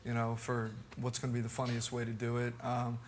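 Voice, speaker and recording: An American man chatting as a talk show guest, relaxed, with frequent hesitations. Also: mid-range voice, a little fast, slight background noise. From United States. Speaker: actor and director guest.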